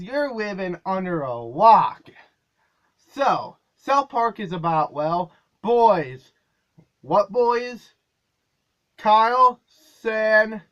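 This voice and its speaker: A man playing an over-the-top, excitable male cartoon reviewer who exaggerates everything and bursts into shouts. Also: sits high, lo-fi sound, pitched above the performer's own voice. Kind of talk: comedic character review.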